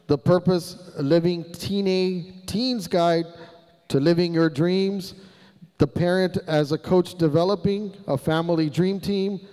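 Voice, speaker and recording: A man emceeing a school assembly and leading energetic call-and-response chants. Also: on the high side, smooth. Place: large hall. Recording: reverberant hall through PA.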